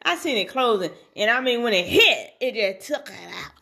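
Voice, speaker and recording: Woman podcast host, bright and lively storyteller, laughs often. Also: a little high, fairly quick. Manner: animated, laughing, churchy exclamations. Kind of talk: casual chat, storytelling.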